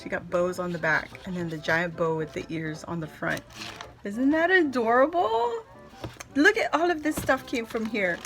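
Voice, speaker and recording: A woman, middle-aged, chatting casually to camera as a craft vlogger, gushing and excitable as she shows off things. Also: mid-range voice, moderate pace, faint music behind. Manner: gushing, excitable, squeals with delight. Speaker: craft vlogger unboxing happy mail.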